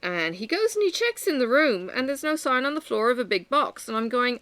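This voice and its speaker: A woman's voice: sits high, sing-song, fairly quick, few pauses, fairly bright tone, no echo. A woman chatting at home while she works on a craft, venting candidly about her day with frequent sighs. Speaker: vlogger. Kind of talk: casual chat while crafting.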